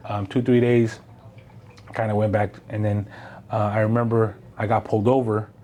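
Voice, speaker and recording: A man's voice: on the low side, little pitch movement, normal speed, mellow. A man tells stories in loose, rambling talk, swearing and dropping Spanish words. A faint hum of room noise sits behind him. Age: 40s. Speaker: guest. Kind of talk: casual conversational storytelling.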